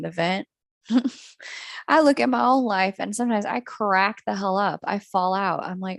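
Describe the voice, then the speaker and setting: Gravelly, candid woman astrology reader. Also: mid-range voice, unhurried, dry recording, studio quality. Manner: candid, laughs at herself, swears casually. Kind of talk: live-stream reading.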